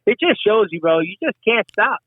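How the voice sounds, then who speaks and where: The voice belongs to a middle-aged man from Westchester, New York, who is a hip hop artist on as a guest, telling casual stories peppered with swearing and acted-out quotes from others. It sits high with a breathy edge and a normal pace. No room sound comes through, and the dry recording sounds tinny and phone-like.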